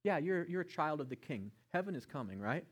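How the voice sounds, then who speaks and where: A middle-aged man preaching a sermon, passionate, swinging between loud emphasis and hushed tones. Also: a little high, big pitch swings, brisk, husky. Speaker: pastor.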